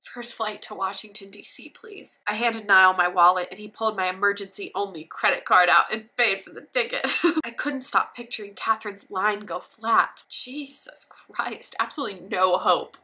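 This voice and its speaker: A woman's voice: mid-range voice, a little fast, bright, forceful tone. A woman reading her old fanfiction aloud, breaking off for sarcastic, joking asides. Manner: sarcastic running commentary, laughing at her own writing.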